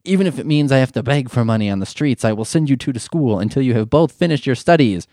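A man's voice: medium pitch, animated, quick pace, warm tone, dry recording, clean studio sound, natural voice. A man reading out the lines of a stern, angry father who scolds his son.

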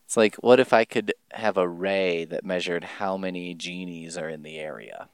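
A man rambling casually in a solo podcast monologue, swearing and jumping his pitch for emphasis. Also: moderate pace, clear, resonant tone, dry recording, clean studio sound.

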